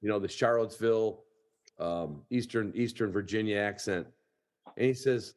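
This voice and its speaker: A man's voice: on the low side, normal speed, a little mellow. A man hosting a hunting podcast, telling a long folksy anecdote in casual chat over a video call. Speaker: podcast host.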